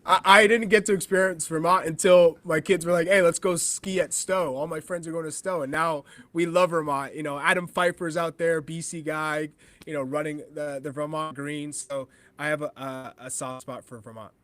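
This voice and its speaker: A man from New Hampshire who is a former pro soccer forward, talking as a podcast guest in a casual, animated way and quoting himself as he tells stories. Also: fairly high pitch, normal speed, no echo. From New Hampshire, USA. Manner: animated storyteller, laughs often, quotes himself. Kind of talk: casual podcast chat, storytelling.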